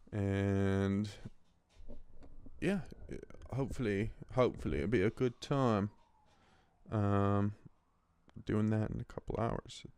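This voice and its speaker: Twenties guy rambling on his own show, lowish smooth voice, swears a lot, dry close sound. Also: darkish tone. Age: 20s. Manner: rambling, profane, restarts often. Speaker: host. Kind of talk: casual solo monologue.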